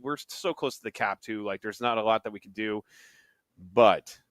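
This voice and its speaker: A man's voice: on the low side, a little fast, a bit bright, clean tone, dry recording, studio quality. A man hosting a casual hockey podcast, rambling and laughing as he talks. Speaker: podcast host. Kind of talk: casual sports chat.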